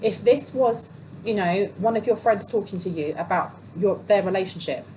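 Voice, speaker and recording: A woman's voice: mid-range voice, moderate pace, low-quality recording. A woman giving a casual tarot reading, talking in a chatty, emphatic way and repeating phrases for stress. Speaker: tarot reader. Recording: steady background noise.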